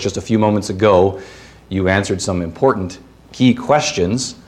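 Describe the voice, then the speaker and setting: A man preaching a sermon as the pastor of a church, earnest and reading scripture, with playful asides and puns. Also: fairly low pitch.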